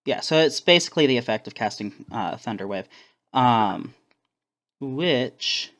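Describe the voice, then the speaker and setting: Slow, halting game master man. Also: medium pitch, expressive, a bit bright. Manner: hesitant, many ums and uhs. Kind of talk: narrating a tabletop game.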